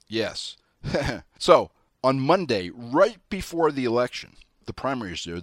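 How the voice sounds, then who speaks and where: A man's voice: mid-range voice, dry recording, studio quality. A man hosting a political talk radio show, delivering an opinionated, folksy commentary monologue.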